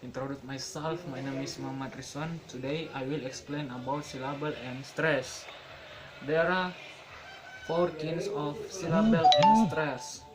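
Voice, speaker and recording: A young man giving a classroom pronunciation lesson, halting and restarting, repeating each example word slowly. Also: a little high, fairly even intonation, rough recording. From Indonesia. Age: young adult. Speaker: student presenter.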